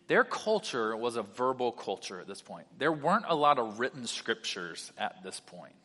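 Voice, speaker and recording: A man preaching a sermon as pastor, mixing animated delivery with casual conversational asides. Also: mid-range voice, normal speed, slightly rough. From South Carolina. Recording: long hall reverb.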